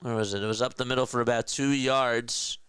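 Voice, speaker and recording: A man's voice: mid-range voice, fairly even intonation, fairly quick, a bit bright, smooth, dry recording. A man calling a game live as a play-by-play streamer, casually chatting with viewers between plays.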